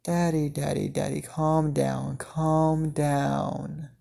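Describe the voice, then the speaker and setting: A man voicing a sadistic young woman avenger who speaks in a soft, cooing, eerily soothing way. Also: medium pitch, steady tone, slow.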